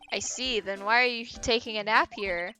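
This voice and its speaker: A woman's voice: a little high, unhurried, pushed and bright, soft background music. A woman reading the lines of an earnest young male defense attorney in a game in her own plain, questioning voice. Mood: inquiring.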